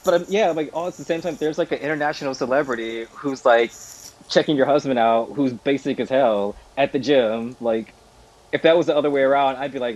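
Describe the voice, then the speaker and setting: A man's voice: medium pitch, fairly quick, lo-fi sound. A man co-hosting a casual chat, telling a story animatedly and joking at his own expense. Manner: animated, self-deprecating storyteller. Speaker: podcast co-host.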